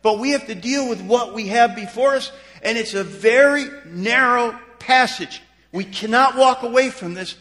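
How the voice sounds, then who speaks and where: A man with a high-pitched voice preaches a sermon to his congregation. His delivery is emphatic, dipping soft and low before climbing to loud, stressed declarations. The room has a long, ringing reverb. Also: normal speed, few pauses. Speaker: pastor.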